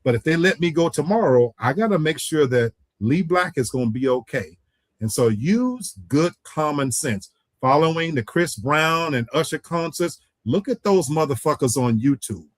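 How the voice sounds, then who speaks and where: A man's voice: a little high, expressive, normal speed, no room sound. A man on a casual talk show giving earnest, practical advice to listeners. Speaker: co-host.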